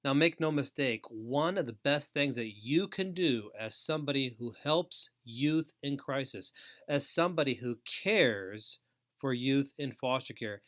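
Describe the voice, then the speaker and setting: Middle-aged male host, mid pitch, unhurried measured delivery, emphatic. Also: lively intonation, fairly bright tone. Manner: slow, deliberate, emphatic delivery with pauses. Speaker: host and trainer. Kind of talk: scripted training webinar.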